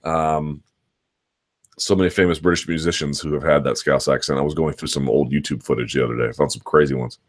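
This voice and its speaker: Deep-voiced man analyzing fights, thinking aloud. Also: steady tone, fast. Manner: analytical, talks in long, looping sentences with restarts. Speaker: host of a combat sports live chat. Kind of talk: unscripted live-stream commentary.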